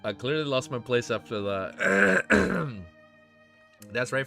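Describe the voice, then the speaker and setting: Male streamer reading a story aloud, hoarse, casual chatty delivery, soft music underneath. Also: medium pitch, slow. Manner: animated, laughing, chatty asides between read passages. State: hoarse, losing his voice. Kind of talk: casual livestream chat and reading.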